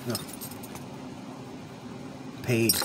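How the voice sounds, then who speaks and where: Speaking extremely slowly over background noise, a man lectures the viewers of his own channel in an unscripted ranting monologue. He's a product reviewer who is emphatic, repeats himself, and swears freely.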